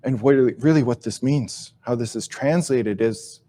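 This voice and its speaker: Reflective man teaching in slow phrases. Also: mid-range voice. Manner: slow, reflective delivery with soft, trailing phrase endings; repeats and restarts phrases while searching for words. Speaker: Ojibwe language teacher and speaker. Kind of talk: live teaching talk with storytelling.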